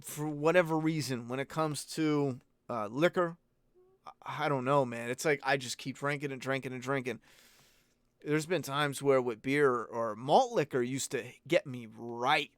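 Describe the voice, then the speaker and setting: A man's voice: medium pitch, measured pace, clean tone, dry recording. A man hosting a casual live-stream Q&A, talking bluntly and rambling, with plenty of swearing. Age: adult parent. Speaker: host answering viewer questions.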